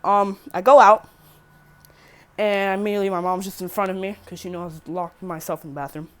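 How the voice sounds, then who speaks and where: A woman's voice: medium pitch, steady tone, fairly quick. A teenage girl rambling through a casual storytime vlog, swearing freely and correcting herself as she goes. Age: teen. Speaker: vlogger.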